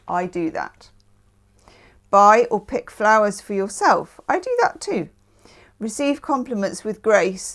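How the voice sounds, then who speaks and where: Woman from the UK, tarot reader, chatty, self-mocking asides, casual tone. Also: mid-range voice. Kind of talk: casual tarot reading chat.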